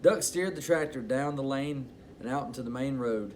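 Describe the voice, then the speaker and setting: A man reads a children's picture book aloud in an expressive bedtime-story manner. His voice sits at a middling pitch, neither high nor low. He speaks as a storytime host addressing young listeners. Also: normal speed, a little hiss or hum.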